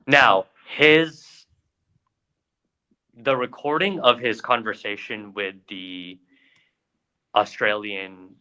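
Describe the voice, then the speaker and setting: A man's voice: on the low side, fairly even intonation, takes it slowly, long pauses, bright, forceful tone, smooth, poor audio. A man co-hosting a podcast, telling a story in casual chat with lots of fillers and restarts. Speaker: podcast co-host.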